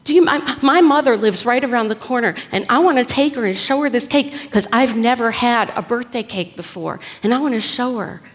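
A woman playing a shy young woman, touched and hesitant, speaking softly in a raised pitch. The voice carries a long hall reverb. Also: lively intonation, brisk, few pauses, lightly acted. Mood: moved.

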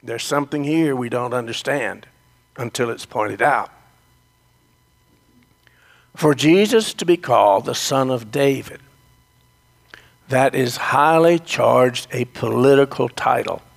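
A man's voice: mid-range voice, slow, creaky, pauses often, long reverb tail. A man preaching a sermon who tells the story and speaks straight to his congregation. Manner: storytelling, addresses the congregation directly.

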